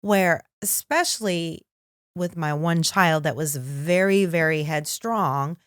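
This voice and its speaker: A woman's voice: lowish voice, lively intonation, slow pace, dry recording. Middle-aged woman, podcast co-host, casual chat, dry close recording. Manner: conversational, acts out quoted voices.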